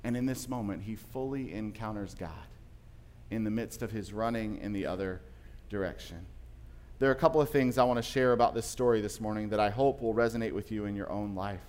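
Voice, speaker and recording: A pastor with a lowish, darkish voice preaches briskly, sharing stories in a conversational tone that swells into emphatic passages.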